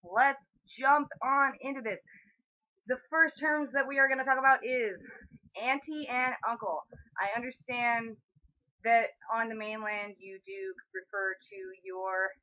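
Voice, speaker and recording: Chatty woman vlogger, slightly dull audio. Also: mid-range voice. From California. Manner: chatty, playful, laughs between points. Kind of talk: casual explainer vlog.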